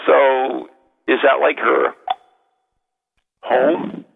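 A man with a New England American accent hosting a casual radio chat, talking haltingly with many restarts and fillers. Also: mid-range voice, level tone, gravelly, slightly rough. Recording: phone-like narrow band.

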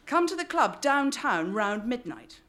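A woman voicing a gruff old baroness. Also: sing-song, measured pace, a bit bright. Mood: offhand. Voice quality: rumbling, growly.

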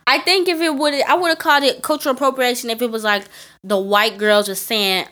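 A young woman co-hosting a podcast in casual chat, emphatic and animated, her voice climbing into exclamations. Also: a little high, a little fast. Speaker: podcast co-host.

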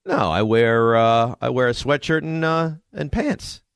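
A man's voice: medium pitch, measured pace, clear, resonant tone, no room sound, studio quality. A man co-hosting a casual chat, telling self-mocking stories about coaching a youth basketball team. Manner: animated, self-mocking storytelling.

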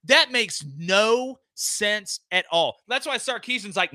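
Emphatic folksy man, high and lively. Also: takes it slowly, no echo. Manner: emphatic, folksy, repeats words when excited. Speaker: guest sports analyst. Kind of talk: animated casual podcast talk. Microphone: remote call.

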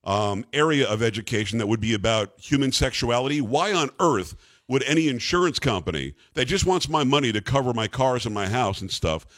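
An animated male talk radio host, middle-aged or older, with a lively, swooping delivery. He rambles and sounds incredulous. His voice is close and dry in the studio. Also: mid-range voice, a little fast, no room sound. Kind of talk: casual talk radio chat.

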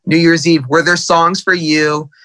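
A man's voice: a little high, flat delivery, a little slow, pushed and bright. A male podcast host asking conversational, rambling interview questions.

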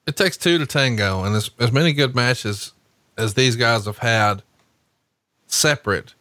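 A man hosting a podcast, chatting casually and telling animated stories while watching a wrestling match. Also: medium pitch, a little slow, no echo, studio quality. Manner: animated storytelling, swears casually. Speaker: podcast host.

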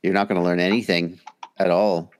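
A man's voice: low-pitched, little pitch movement, brisk. An American man, a guest on a livestream, chatting in a casual, self-mocking and joking way.

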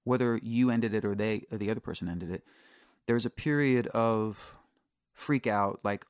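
A man's voice: on the low side, moderate pace, clean tone, no room sound, clean studio sound. A middle-aged man, a singer-songwriter guest, telling candid stories in a casual interview, restarting sentences and swearing freely.

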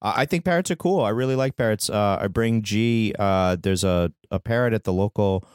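Low-voiced deadpan man from Brooklyn, podcast co-host, dry close studio sound. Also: normal speed, clean tone, dry recording. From Brooklyn, New York, US. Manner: deadpan, riffing jokes. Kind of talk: casual comedic banter.

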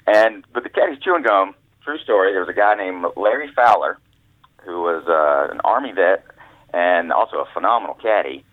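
Deep-voiced man on a phone line. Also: animated, moderate pace, dry recording. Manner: folksy storyteller, acts out quoted voices. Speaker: author guest. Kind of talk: storytelling interview. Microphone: phone call. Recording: tinny phone line, dry.

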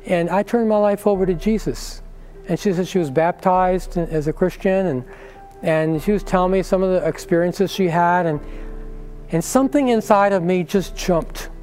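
A man's voice: sits high, moderate pace, a little mellow, faint music behind. An older man giving an earnest personal faith testimony, acting out the voices of people in his story.

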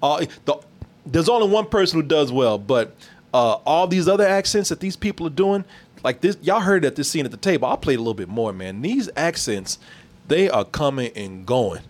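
Animated, laughing man talking movies. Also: a little high, moderate pace. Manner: profane, laughing, animated storytelling. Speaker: podcast co-host. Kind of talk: casual movie review chat.

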